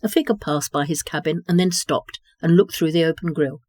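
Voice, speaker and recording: A narrator reading a story in a measured, even way. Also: mid-range voice, no echo. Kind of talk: audiobook narration.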